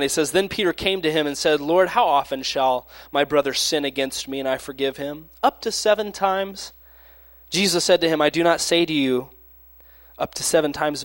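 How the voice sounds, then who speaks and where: A man delivers a sermon, reading scripture passages and then unpacking them in plain speech. His voice sits somewhat high for a man and is recorded close and dry, with no room sound. He drops at times to a hushed near whisper. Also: no echo. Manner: reads scripture aloud and explains it, with sudden drops to near whispers. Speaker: preacher.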